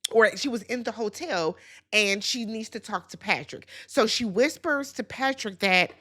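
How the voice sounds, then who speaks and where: Chatty woman with a high voice. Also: normal speed. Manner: chatty, animated, addresses viewers as y'all. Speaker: YouTube reality-show recap host. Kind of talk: casual reality-TV recap.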